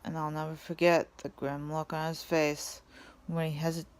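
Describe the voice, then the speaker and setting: A woman reading a storybook aloud in first person, softly and ruefully. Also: sits low, level tone, normal speed, clear, resonant tone. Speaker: reader. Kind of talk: storybook read-aloud narration.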